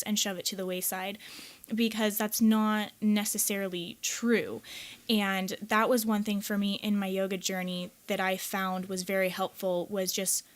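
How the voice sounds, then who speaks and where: A woman's voice: mid-range voice, steady tone. Earnest Midwestern woman telling a story. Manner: earnest, quickens and rises when reliving a moment. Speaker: podcast co-host, yoga teacher. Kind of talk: candid personal storytelling.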